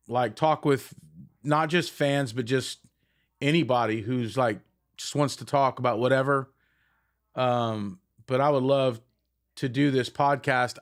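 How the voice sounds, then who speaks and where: A middle-aged man and band frontman chatting casually and affectionately to viewers on a live stream, rambling with many fillers. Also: mid-range voice.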